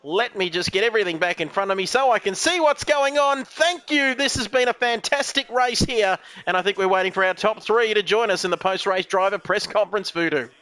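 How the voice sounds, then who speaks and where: A man's voice: high-pitched, fast, hardly any pauses, a bit bright, dry recording. A man giving live commentary on a sim race, chatty and jokey, reading out viewer comments as he goes.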